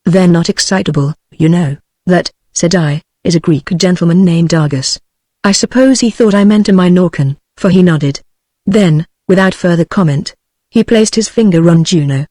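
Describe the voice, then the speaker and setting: A text-to-speech woman's voice with a British English accent, reading a novel aloud in an even, steady way. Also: lowish voice, normal speed, dry recording. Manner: even, steady synthetic reading with no change between characters. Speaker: narrator. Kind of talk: text-to-speech audiobook narration.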